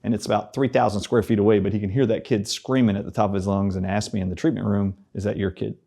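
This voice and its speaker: Low, mellow-voiced man telling a story. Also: fast, gravelly. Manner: animated, acts out remembered dialogue. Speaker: guest. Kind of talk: storytelling in a conversational interview.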